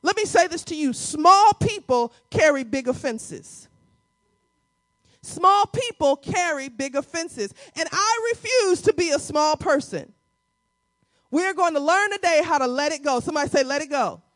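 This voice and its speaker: High-voiced woman preaching a sermon. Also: lively intonation, dry recording. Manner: call-and-response preaching, repeats key lines slowly; playful asides with quick dips into a low, quiet voice. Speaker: pastor.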